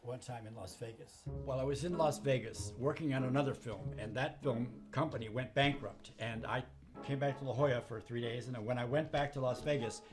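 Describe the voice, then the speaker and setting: A man's voice: medium pitch, a little fast. A man wryly recounting his own odd past in an interview. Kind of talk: casual anecdotal storytelling. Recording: clear music behind.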